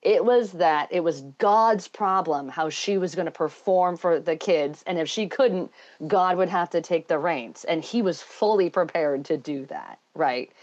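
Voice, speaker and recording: Low-voiced woman on a dull, lo-fi line. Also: unhurried, a little mellow. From Scotland. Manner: earnest, thoughtful, wandering sentences. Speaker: podcast guest, engineer and math educator. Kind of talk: casual interview chat. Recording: dull lo-fi sound.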